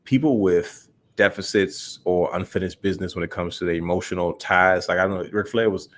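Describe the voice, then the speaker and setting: A young man co-hosting a podcast, telling stories in a relaxed, rambling way. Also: deep voice, a little fast. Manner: relaxed, rambling storyteller, calls listener bro. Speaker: podcast co-host. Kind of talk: casual chat.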